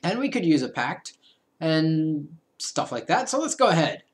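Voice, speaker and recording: A young man gives casual commentary as he plays a strategy game, chatty and playful, with half-mumbled asides. His voice sits slightly high and swings a lot in pitch. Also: sing-song, unhurried. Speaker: let's play host.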